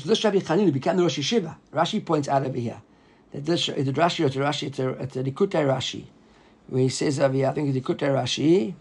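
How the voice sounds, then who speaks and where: Male Talmud teacher, high voice, lively and animated lecturing. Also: breathy edge. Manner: animated, acts out the quoted rabbis in a raised voice; mixes Hebrew and Aramaic terms into English.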